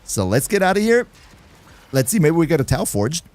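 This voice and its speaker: A man's voice: on the high side, sing-song, normal speed, a little mellow, dry recording. A man streaming a game live, chatting casually, laughing often and answering viewers in the chat as he plays. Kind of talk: casual livestream gameplay commentary.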